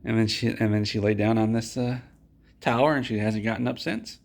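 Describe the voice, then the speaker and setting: Gravelly man spinning a deadpan tall tale. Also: lowish voice, a little fast. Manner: deadpan, rambling with restarts. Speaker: video host. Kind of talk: absurd tall-tale storytelling.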